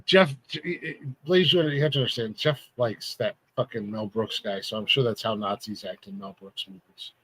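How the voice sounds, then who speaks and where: A man's voice: mid-range voice, normal speed, hardly any pauses, fairly bright tone, a little hiss or hum. A man hosting a podcast in casual banter, teasing his co-host and laughing often.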